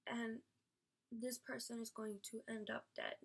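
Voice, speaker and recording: A woman speaking straight to her audience in a rambling, emphatic vlog story, circling back with fillers and dropping swear words freely. Her voice sits a little high, with a gravelly, husky edge. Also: flat delivery, measured pace. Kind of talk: personal storytelling rant.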